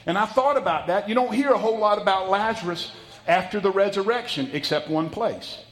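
Male pastor, folksy sermon delivery, higher-pitched voice, dramatic loud-soft swings. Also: fairly quick. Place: church sanctuary.

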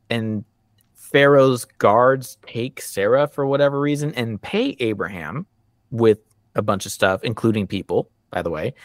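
A man telling his story as a guest in a casual podcast conversation, lively and acting out what people said. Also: medium pitch, no echo, studio quality.

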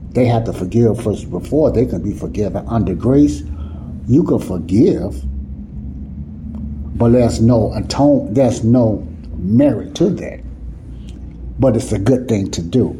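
A man's voice: lowish voice, dark tone, slight background noise, low-quality recording. A man teaching the Bible in an informal sermon, talking casually with folksy grammar and often asking if listeners see what he's saying. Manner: repetitive, keeps asking "you see what I'm saying?".

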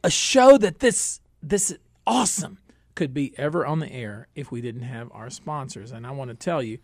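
A man hosting a comedic radio talk show, boisterous and jumping between loud bursts and low asides. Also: animated, moderate pace, no echo, studio quality. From Northeast Texas.

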